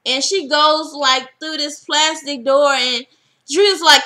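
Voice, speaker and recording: Young female vlogger, high bright voice, animated recap, acts out quotes. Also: slow pace. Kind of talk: casual episode recap.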